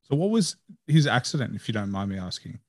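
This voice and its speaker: A man's voice: lowish voice, big pitch swings, brisk, no room sound, studio quality. A man hosting a casual interview, easygoing and enthusiastic, with loose phrasing. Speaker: podcast host.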